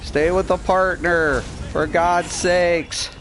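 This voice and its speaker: A man's voice: high-pitched, fairly even intonation, takes it slowly, a little hiss or hum. A man hosting a gaming channel, giving live gameplay commentary and swearing constantly at his teammates. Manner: shouting in rage.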